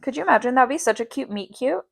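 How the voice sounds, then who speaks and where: A woman's voice: high-pitched, lively intonation, quick pace, creaky. A young woman co-hosting a casual podcast, teasing and bantering playfully. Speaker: podcast co-host. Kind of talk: casual chat.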